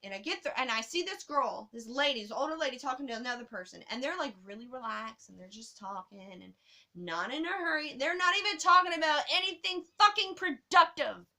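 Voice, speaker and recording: A woman telling a travel story to her camera in a casual, animated way, swearing often. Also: high-pitched, a little fast.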